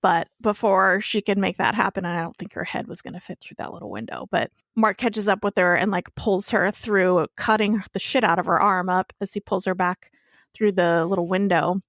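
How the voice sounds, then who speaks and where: A woman's voice: mid-range voice, steady tone, normal speed, fairly bright tone, no room sound. Chatty woman recapping a show, dry sound. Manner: chatty storytelling with casual swearing. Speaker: podcast co-host. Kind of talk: casual TV recap chat.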